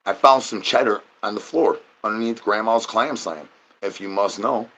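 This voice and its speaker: A man's voice: fairly low pitch, normal speed, fairly bright tone. A man hosting his own stream, riffing through a rambling, absurd comedy monologue full of slang and silly repeated catchphrases. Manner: crude, slangy, joking patter with playful repeated catchphrases.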